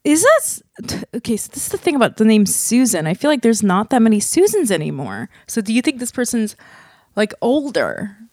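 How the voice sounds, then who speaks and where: A woman co-hosting a podcast in casual chat, lively and rambling with playful asides. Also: on the high side, brisk, no room sound. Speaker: podcast co-host.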